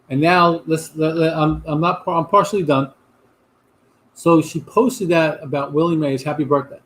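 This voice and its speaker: This middle-aged man, whose voice sits a little high, hosts a casual livestream chat, rambling along and answering viewer comments. A faint hiss or hum runs under the audio.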